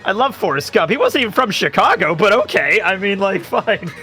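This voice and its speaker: A man playing a tabletop game, excitable and sweary with bursts of laughter. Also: high voice, brisk. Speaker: player. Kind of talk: casual tabletop game play. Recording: music clearly behind.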